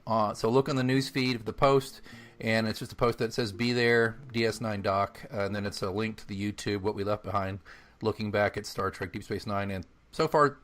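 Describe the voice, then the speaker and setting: A man co-hosting a casual podcast, talking in excitable, rambling bursts. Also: medium pitch. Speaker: podcast co-host.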